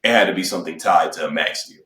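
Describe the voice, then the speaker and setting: Laid-back male co-host, a bit low-pitched, recorded off-mic in an echoey room. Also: quick pace, a bit bright, distant mic. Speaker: podcast co-host. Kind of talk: casual sports chat.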